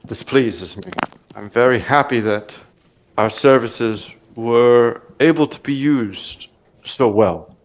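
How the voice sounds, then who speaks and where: A man voicing a courteous, formal male dwarf clan leader in a tabletop game, speaking politely and measured, on a dull lo-fi recording. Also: mid-range voice, close to an everyday voice.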